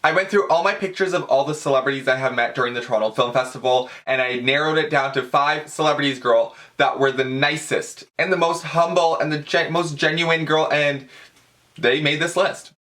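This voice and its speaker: A man's voice: fairly high pitch, brisk. A young man telling a story in a casual vlog, gushing and chatty, calling his viewers "girl" and dropping "like" into every line. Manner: dramatic, excitable fan. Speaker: vlogger.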